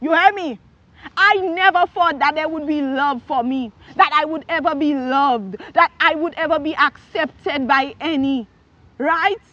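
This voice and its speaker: A woman preaching her personal testimony, emphatic, with rhetorical questions and bursts of shouting. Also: sits high, measured pace, no room sound, lo-fi sound. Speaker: testimony speaker.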